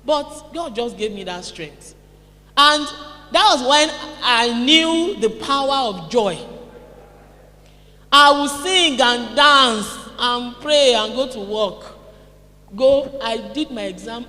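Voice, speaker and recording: A Nigerian woman giving a lively motivational conference talk, calling out to her audience. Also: on the high side, unhurried. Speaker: seminar speaker. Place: conference hall. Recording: echoey hall.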